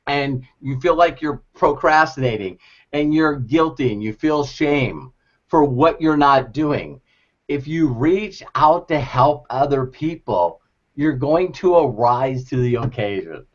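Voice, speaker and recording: A man giving a lively, laughing motivational talk to a group, acting out quoted voices. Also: medium pitch, takes it slowly. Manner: animated, laughing often, acts out quoted voices. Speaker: motivational speaker. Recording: dull lo-fi recording.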